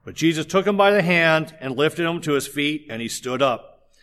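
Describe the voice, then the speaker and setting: A man preaching a sermon, telling stories in an animated way and joking with the congregation. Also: fairly high pitch, moderate pace. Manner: animated storytelling with jokes to the congregation. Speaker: pastor.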